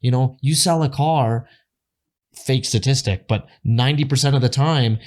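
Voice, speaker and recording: A man hosting a podcast in casual interview chat, telling lively stories with bits of quoted speech. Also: medium pitch, moderate pace. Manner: animated storyteller who jumps into quoted voices. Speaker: podcast host.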